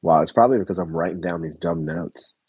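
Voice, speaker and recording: A man's voice: low voice, fast talker, a little mellow, husky. A man casually reviewing a reality TV episode, rambling, correcting himself, swearing now and then and chuckling. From United States. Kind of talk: casual reaction review chat.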